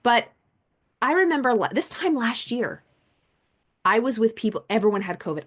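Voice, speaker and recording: Animated, gravelly-voiced woman coach. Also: mid-range voice, moderate pace. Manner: animated, chatty, acts out quoted people. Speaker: host and mindset coach. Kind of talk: casual live-stream talk.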